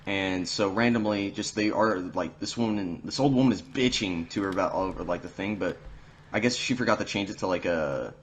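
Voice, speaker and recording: A man's voice: deep voice, fairly quick, a little hiss or hum. A teenage man on a podcast, telling a story in casual chat, rambling with lots of fillers and swearing freely. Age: teens. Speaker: podcast host.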